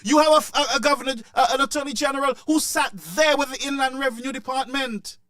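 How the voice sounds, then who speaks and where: A man delivers impassioned political commentary in a high, bright voice. He repeats himself and stumbles through restarts as he presses each point. The sound is dry and close. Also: fairly even intonation, fast, no echo. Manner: emotional, repetitive, stammering restarts.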